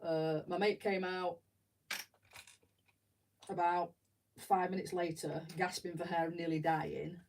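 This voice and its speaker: A woman's voice: on the low side, little pitch movement, slow, long pauses, darkish tone, distant mic, rough recording. A middle-aged woman with an English accent, chatting and telling rambling stories as she builds, laughing often. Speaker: streamer. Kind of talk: casual chat while building. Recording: voice a bit away from the mic.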